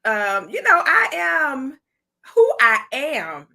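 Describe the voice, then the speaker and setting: A woman's voice: sits high, huge pitch swings, slow, vocal fry, pushed and bright. A woman in her forties from Detroit, a talk show guest who banters sassily with plenty of slang. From Detroit, Michigan. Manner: sassy, playful banter with slang, laughs easily. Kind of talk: casual faith talk show chat.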